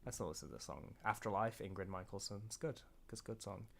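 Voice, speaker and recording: Casual streamer, English man, northern-southern accent mix, self-mocking, lowish voice. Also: fast, vocal fry, a bit bright. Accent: mixed northern and southern English. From England. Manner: laughing, self-mocking, sweary. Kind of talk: casual reaction commentary.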